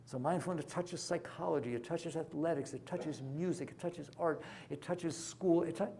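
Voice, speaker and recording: A man giving an informal talk on mindfulness to a live audience, conversational and emphatic, often checking in with the room and swinging between hushed asides and loud, scolding-style questions. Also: fairly high pitch, moderate pace. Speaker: spiritual teacher.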